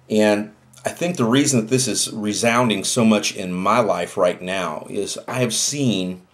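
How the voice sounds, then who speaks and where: Older guy, really deep voice, earnest heartfelt family talk. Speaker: host. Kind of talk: inspirational talk.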